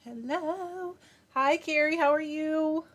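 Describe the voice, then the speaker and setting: A woman's voice: sits high, takes it slowly, fairly bright tone. A woman hosting a live stream, chatting casually, greeting viewers by name and reading their comments aloud. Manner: laughs often while talking. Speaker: livestream host spinning yarn.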